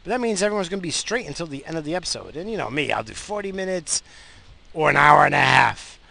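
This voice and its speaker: A man's voice: a little high, animated, fast, creaky, sharp tone. A tired man hosting his own show, talking in a casual, rambling way with many restarts and fillers while driving. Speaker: podcast host. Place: in a car, driving.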